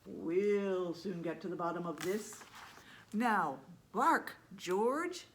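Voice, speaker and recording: A woman's voice: fairly low pitch, lively intonation, a little hiss or hum. A woman voicing a stern mother dog who scolds her puppy firmly, with a Midwestern American accent. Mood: scolding. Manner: firm, drawn-out scolding.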